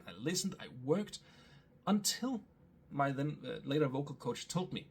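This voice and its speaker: A man who is a voice actor giving a casual spoken tutorial, explaining in a relaxed way with small restarts, his English accent not American. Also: fairly high pitch, normal speed, slight background noise. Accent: non-American English.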